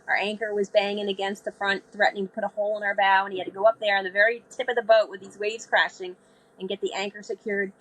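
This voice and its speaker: A woman's voice: medium pitch, fast, rough recording. A woman guest in an interview, telling a vivid story and acting out the voices she quotes. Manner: animated storyteller, acts out quoted speech. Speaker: guest, sailor.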